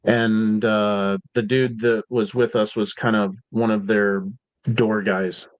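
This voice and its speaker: A man's voice: on the low side, level tone, slow, no echo. A man from Seattle, a podcast guest telling stories in a casual, slangy way full of "like" and "dude". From Seattle, USA. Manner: laid-back, slangy, peppered with "like" and "dude". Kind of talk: casual storytelling. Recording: dull, dry podcast audio.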